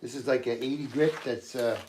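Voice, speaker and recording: A man's voice: medium pitch, fairly even intonation, a little fast, darkish tone. A man with a scratchy voice from a cold, talking loosely through his knife work in a home workshop livestream. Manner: loose, rambling, often restarts sentences. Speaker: knifemaker and channel host. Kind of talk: casual workshop livestream demo.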